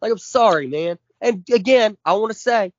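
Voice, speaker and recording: A man's voice: sits high, normal speed, lo-fi sound. A man in his forties co-hosting a podcast, ranting with constant swearing and heavy emphasis. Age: 40s. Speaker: podcast co-host. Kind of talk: casual chat.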